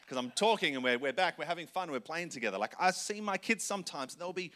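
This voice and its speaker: Bright-voiced male pastor preaching conversationally. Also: fairly high pitch, lively intonation. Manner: conversational, self-correcting, with quick asides and acted quotes. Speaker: senior pastor. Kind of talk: sermon.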